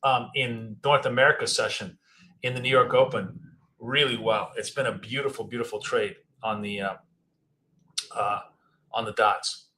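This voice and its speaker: Live trading commentary comes from a native Russian speaker in his fifties or older, a trading educator with a Russian accent who rambles casually and thinks aloud. His mid-range voice holds a steady tone at normal speed, bright and forceful, with slight background noise.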